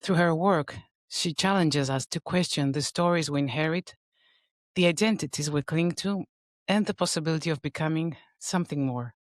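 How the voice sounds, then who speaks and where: A woman's voice: low-pitched, normal speed, dry recording, studio quality. A woman hosting a podcast interview, speaking eagerly and openly with emotion. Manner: warm-hearted, emotional, eager. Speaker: podcast host.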